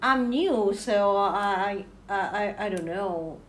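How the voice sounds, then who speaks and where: A woman's voice: medium pitch, slow, a bit bright. A woman playing a tabletop game, who talks hesitantly, stammers, and uses non-native English grammar. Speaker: player.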